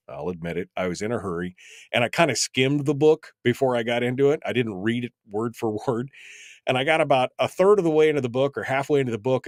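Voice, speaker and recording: A man with a medium-pitched voice hosts a radio talk show, chatting loosely in a casual interview with many fillers and restarts. He is a radio host and voice actor, recorded in studio quality with no echo.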